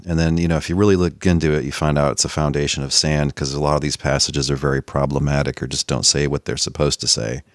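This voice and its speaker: A man hosting a casual podcast talk about theology, explaining his reasoning in a wry, measured way. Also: extremely low pitch, flat delivery, dry recording, clean studio sound. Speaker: podcast host.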